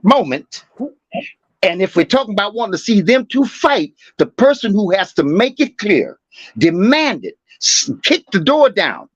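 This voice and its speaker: A man's voice: sits high, big pitch swings, unhurried, slightly rough, no room sound. A man co-hosting a boxing talk show, rambling and profane, full of fillers and emphatic asides. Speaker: boxing podcast co-host. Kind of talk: heated casual boxing talk. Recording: dry, slightly dull sound.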